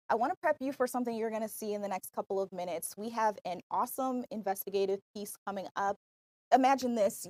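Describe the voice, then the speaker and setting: A woman's voice: a little high, a little mellow. A woman anchoring live news, handing off and teasing stories in a friendly, chatty way.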